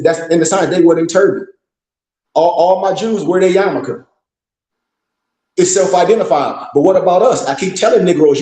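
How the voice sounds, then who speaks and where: A man's voice: high-pitched, a little mellow. Blunt, scolding man lecturing in an echoey room. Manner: blunt, scolding, profane, rhetorical questions. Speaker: teacher addressing a group. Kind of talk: preaching lecture.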